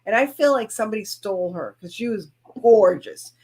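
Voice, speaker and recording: A woman's voice: mid-range voice, lively intonation, brisk, darkish tone, breathy edge. A woman co-hosting a casual chat, friendly and chatty. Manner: friendly, chatty, gushes over cats.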